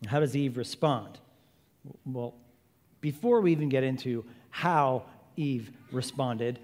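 A male preacher and Bible teacher delivering a sermon in an animated way, with rhetorical questions and playful humor. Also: mid-range voice, normal speed, in a large hall.

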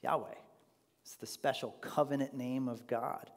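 A man's voice: medium pitch, steady tone, moderate pace, in a large hall. A man leading an informal Bible study class, talking conversationally and putting questions to the group.

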